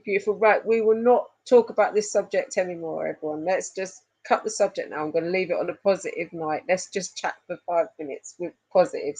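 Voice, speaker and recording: Chatty woman, low and slow. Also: a little mellow, husky, low-quality recording. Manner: chatty, affectionate, laughs often. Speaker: live stream host. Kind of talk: casual live chat reading comments.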